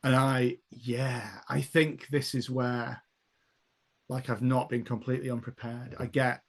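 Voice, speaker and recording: A man's voice: medium pitch, flat delivery, unhurried, creaky. A man running and narrating a tabletop role-playing game, telling the story loosely with fillers and laughs. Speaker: game master.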